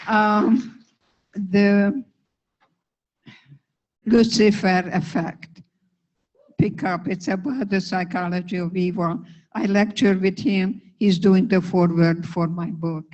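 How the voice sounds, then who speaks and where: An older woman speaks slowly to an audience in a lecture hall, coaxing and affectionate. The recording is dull and lo-fi, with a middle pitch. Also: fairly even intonation, a little mellow. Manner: slow, affectionate, beckoning audience member. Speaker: guest speaker. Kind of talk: warm public talk with audience.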